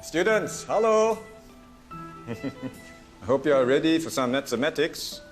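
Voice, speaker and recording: Formal courteous teacher, echoey room, music under. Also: male voice, a little high, lively intonation, takes it slowly. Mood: polite. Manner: polite, formal. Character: courteous Chinese maths teacher, man.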